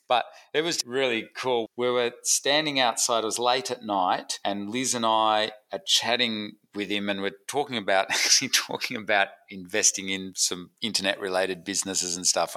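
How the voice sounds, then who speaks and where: A man's voice: lowish voice, low-quality recording. A middle-aged Australian man telling stories casually on a podcast, acting out the dialogue as he goes. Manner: animated storyteller acting out dialogue. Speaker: guest business educator.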